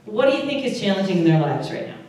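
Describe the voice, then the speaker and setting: A woman's voice: on the low side, big pitch swings, fast talker, darkish tone. A woman pastor with an Upper Midwest American accent, giving a conversational sermon and asking her congregation questions. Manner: chatty, asks the congregation questions. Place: church service room. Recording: very echoey room, voice from far off.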